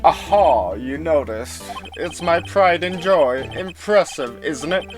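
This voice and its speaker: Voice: mid-range voice, expressive, slow pace. A fan voice actor playing a pompous, evasive older male lawyer who stammers, with a put-on accent that slips. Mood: proud. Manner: stammering, old-fashioned formal. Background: music.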